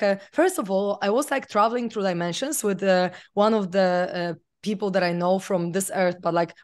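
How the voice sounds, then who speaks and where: A woman's voice: mid-range voice, darkish tone. A woman, a podcast guest telling a personal story in a chatty way, full of fillers. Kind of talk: casual interview storytelling.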